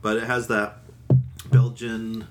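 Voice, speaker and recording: Deep-voiced man chatting about beer. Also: level tone, takes it slowly, over loud music. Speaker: podcast co-host. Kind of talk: casual beer-tasting chat. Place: a friend's house.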